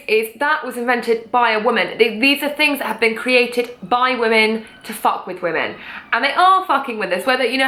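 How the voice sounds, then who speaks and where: A chatty, passionate woman speaking to camera in an informal, swear-laced way. Her voice is bright and a little sharp. The room around her is echoey. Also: a little high. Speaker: vlogger and author. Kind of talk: casual talk to camera.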